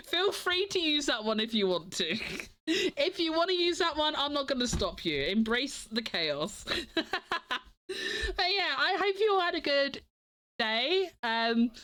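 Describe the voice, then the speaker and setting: A woman winding down a live stream, sleepy and yawning, her fairly high voice bouncing around a lot. She chats loosely, laughs often and keeps restarting her sentences. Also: very animated, measured pace, long pauses, pushed and bright. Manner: giggly, rambling with frequent restarts. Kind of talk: casual stream chat.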